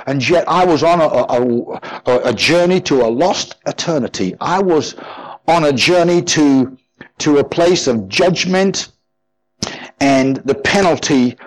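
A man's voice: mid-range voice, rough recording. Fervent preaching man, repeating for emphasis. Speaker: pastor. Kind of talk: sermon.

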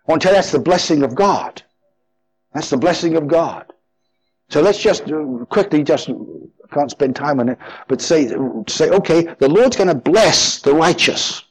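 A man's voice: on the high side, animated, moderate pace, breathy edge, poor audio. A man preaching a sermon as pastor, fervent and emphatic, often repeating his phrases.

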